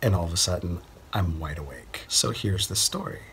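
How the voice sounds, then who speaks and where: Young guy from central texas rambling through a story, lots of likes and sighs, lowish voice, little bit of room hiss. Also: normal speed. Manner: relaxed, rambling, with frequent fillers and sighs. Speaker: actor telling a personal story. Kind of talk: casual storytelling.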